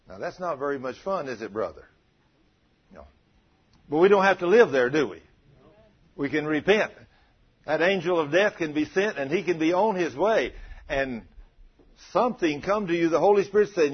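A preacher with a husky, somewhat high voice. He talks straight to his congregation and acts out their prayers in an animated way. The recording is dull and lo-fi. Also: moderate pace, pauses often. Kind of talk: sermon.

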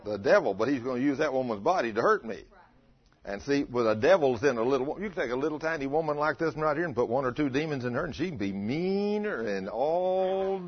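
Husky preacher in his fifties. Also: mid-range voice, fast talker. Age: 50s. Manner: animated, acts out dialogue, laughs with listeners. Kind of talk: storytelling sermon. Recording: dull lo-fi recording.

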